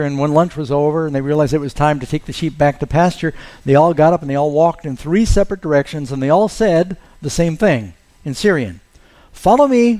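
A male pastor delivers a sermon in a somewhat high voice. He tells stories and lifts his voice to act out the lines he quotes. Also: warm tone. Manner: storytelling, acts out quoted lines in a raised voice.

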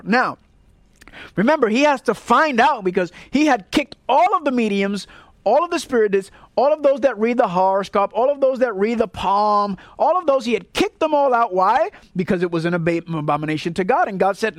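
A man's voice: sits high, animated, a little fast, dry recording. A male pastor from Puerto Rico preaching a sermon in an earnest, rhetorical way, often checking in with "right?".

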